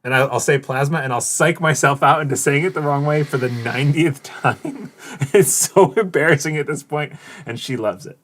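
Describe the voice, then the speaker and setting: A man's voice: a little high, normal speed, fairly bright tone. A man in his thirties hosting a live card game stream, chatting casually with many fillers and self-deprecating remarks. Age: 30s. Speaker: stream host.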